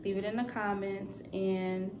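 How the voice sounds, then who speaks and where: Young woman, casual vlog chat, rambling, lots of fillers, mid-pitched, echoey room. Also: flat delivery, unhurried, background noise. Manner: chatty and rambling, with many fillers. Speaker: vlogger and new mother.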